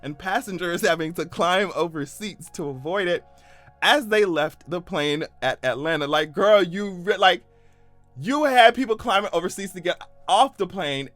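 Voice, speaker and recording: A man giving casual comedic commentary on a news story, animated and profane, laughing often as he talks. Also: sits high, normal speed, no room sound, faint music behind. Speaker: YouTube commentator.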